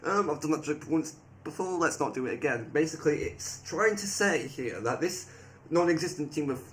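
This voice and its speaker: A man giving rambling, excitable casual commentary, often laughing and restarting his sentences. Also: on the high side, normal speed, a little hiss or hum. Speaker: video creator. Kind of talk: casual commentary reading AI replies aloud.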